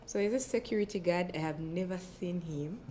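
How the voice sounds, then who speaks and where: A woman in her twenties with a Ugandan English accent, telling a story in a relaxed panel chat and laughing between phrases. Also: on the low side, a little fast, a little hiss or hum. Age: 20s.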